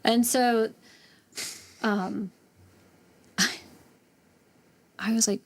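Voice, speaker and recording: Gravelly-voiced woman telling blunt stories. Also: medium pitch, normal speed. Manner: blunt, salty, laughs through her stories. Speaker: podcast guest, retired military bomb technician. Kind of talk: casual interview storytelling.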